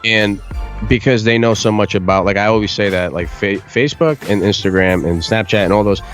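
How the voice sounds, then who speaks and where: A man, a music producer guest on a podcast, explaining marketing in casual chat with a blunt, profane, animated manner. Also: lowish voice, brisk.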